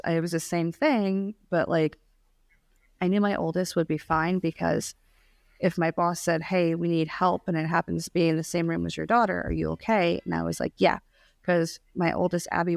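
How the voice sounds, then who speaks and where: A woman co-hosting a podcast, telling stories in a casual, animated way with quick asides. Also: on the low side, creaky, no room sound, clean studio sound. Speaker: podcast co-host. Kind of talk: casual chat.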